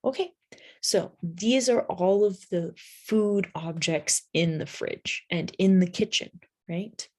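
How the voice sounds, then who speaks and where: A woman gives an English lesson at an unhurried pace, in a voice that sits slightly low. She spells words out letter by letter and keeps checking in with her learners. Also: a little mellow. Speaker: English teacher.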